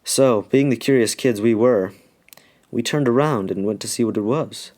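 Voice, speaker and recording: A man's voice: medium pitch, normal speed, darkish tone. A man from Alaska telling a childhood story in a casual, rambling, slangy way, full of "like". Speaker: YouTuber telling a life story.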